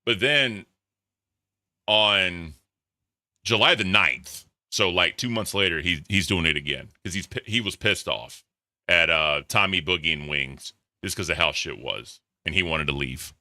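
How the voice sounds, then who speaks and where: A man hosting casual commentary, offhand and opinionated, often trailing off into quiet mutters. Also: low voice, unhurried, no echo, clean studio sound. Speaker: commentary host.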